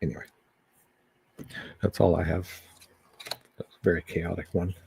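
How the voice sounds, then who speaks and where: Gravelly low-voiced man with a husky tone. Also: little pitch movement, warm tone, slight background noise. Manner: halting, many ums and restarts. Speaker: psychic medium doing live readings. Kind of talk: casual live-stream reading.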